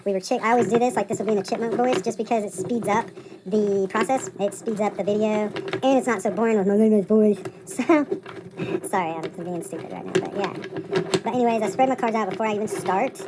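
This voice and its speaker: A woman's voice: mid-range voice, fast. Rambling woman tarot reader, noisy room. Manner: chatty, self-interrupting, loose and unpolished. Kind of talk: rambling casual vlog. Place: table at home late at night.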